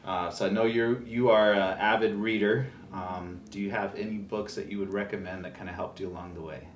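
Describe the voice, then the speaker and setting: A man interviewing a colleague, asking relaxed, loosely worded questions. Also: fairly low pitch, brisk, far from the mic, a little hiss or hum. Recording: roomy, from off-mic.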